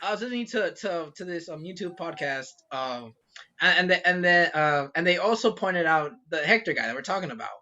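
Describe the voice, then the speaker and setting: Man on a casual podcast, bright tone, lively swinging pitch, laughs a lot, curses freely, muffled lo-fi sound. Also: a little fast. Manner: animated, laughing, swearing, many fillers. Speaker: podcast co-host. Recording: muffled lo-fi recording.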